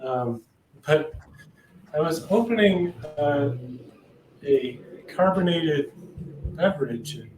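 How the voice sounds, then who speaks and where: Halting man hosting a casual stream. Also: a little high, lively intonation, echoey room, recorded from a distance, over music, rough recording. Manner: halting, many fillers, laughs at himself. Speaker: host. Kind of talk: casual livestream chat.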